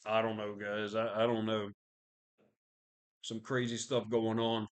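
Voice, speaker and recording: A man's voice: on the low side, level tone, a little slow. A man hosting a podcast, ranting casually about the news with constant swearing, fillers and restarts. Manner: profane, rambling, lots of fillers and restarts. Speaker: podcast host.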